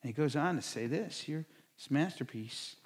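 An animated middle-aged pastor preaching a sermon, his voice a bit high for a man and swinging widely in pitch. He acts out people's reactions in sudden bursts, then drops back to a quieter, earnest tone. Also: moderate pace.

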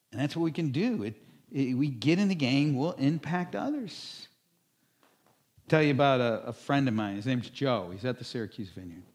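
A man's voice: medium pitch, lively intonation, moderate pace, darkish tone. A male pastor preaching a sermon in a conversational storytelling way, with asides to the congregation and acted-out quotes.

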